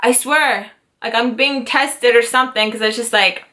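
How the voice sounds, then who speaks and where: A woman in her twenties telling a story to camera in a casual vlog, animated and dramatic, with swearing and acted-out quotes. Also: fairly high pitch, moderate pace. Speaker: YouTube storyteller, mother.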